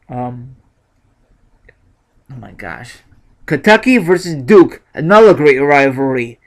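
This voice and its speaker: Slow-talking man musing through his picks. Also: mid-range voice. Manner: unhurried, thinking aloud with many fillers and self-corrections. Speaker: YouTuber sharing bracket picks. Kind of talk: casual unscripted vlog.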